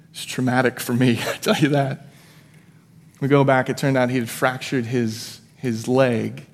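A man's voice: medium pitch, little pitch movement, unhurried. Storytelling man preaching in a reverberant hall. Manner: conversational, vivid storyteller with fillers and self-deprecating asides. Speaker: pastor. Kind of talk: sermon with personal storytelling. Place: church sanctuary.

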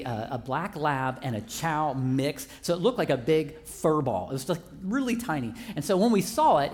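Animated storytelling male preacher. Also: fairly high pitch, long reverb tail. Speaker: pastor. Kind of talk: sermon.

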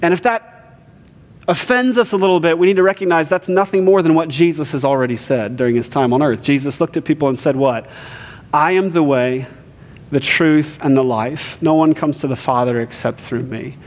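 High-voiced pastor in a reverberant hall. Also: male voice, normal speed. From Ohio, US Midwest. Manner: conversational preacher, often adds "right?". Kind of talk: sermon.

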